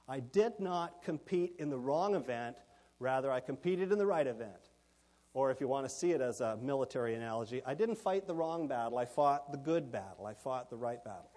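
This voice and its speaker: Man preaching, explains word meanings; a bit high, reverberant hall sound. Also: darkish tone. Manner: expository, explains Greek words, gives note points. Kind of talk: sermon.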